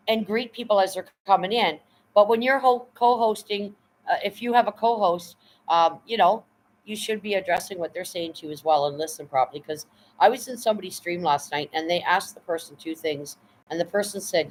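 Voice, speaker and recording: A woman's voice: lowish voice, brisk, poor audio. Blunt, profane woman live-streaming. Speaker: livestream host. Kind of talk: casual live-stream chat.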